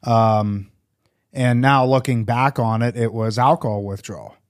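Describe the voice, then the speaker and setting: Recovery podcast co-host, man, mid-pitched, candid and rambling, dry close mic. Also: fairly even intonation, a little slow, no room sound. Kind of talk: casual conversation.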